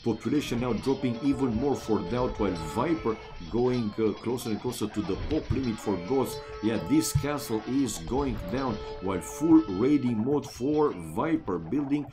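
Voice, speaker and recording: A man's voice: mid-range voice, moderate pace, few pauses, music in the background. A man from Romania casting a strategy game match live, chatting casually with his viewers and calling them "man" and "guys". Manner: chatty, talks straight to chat viewers, many "uh" and "man". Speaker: esports caster.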